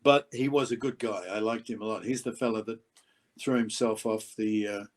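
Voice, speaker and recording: An older man, an actor being interviewed, telling behind-the-scenes stories and acting out quotes with sudden loud outbursts. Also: fairly low pitch, fairly even intonation, moderate pace, poor audio. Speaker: actor guest. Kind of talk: anecdotal interview storytelling.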